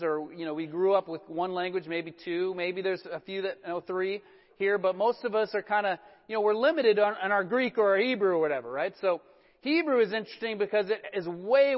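Middle-aged man, pastor, casual sermon, fairly high voice, echoing church hall. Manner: relaxed, self-deprecating storytelling with many fillers. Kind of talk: conversational sermon. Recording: dull sound with a long church-hall reverb.

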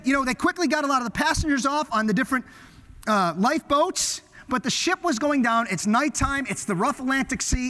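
A high, bright male voice preaching in a large reverberant hall. He tells stories with sudden swings between ringing emphasis and soft, hushed lines. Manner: animated storytelling, swinging from loud to hushed. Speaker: pastor. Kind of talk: sermon.

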